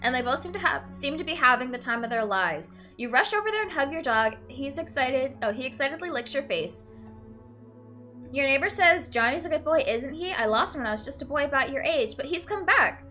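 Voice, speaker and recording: A woman's voice: high voice, a little fast, soft background music. A young woman playing a game, reading its questions aloud and reacting with emotion, often saying "like" and "literally", tearful at times. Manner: emotional, swings from flat to teary and laughing. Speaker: let's play streamer.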